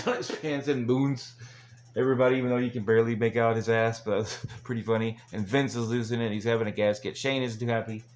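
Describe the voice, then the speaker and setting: Rambling man recapping with chuckles. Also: medium pitch. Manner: rambling, chuckling, crude asides. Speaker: wrestling show reviewer. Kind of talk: casual recap monologue.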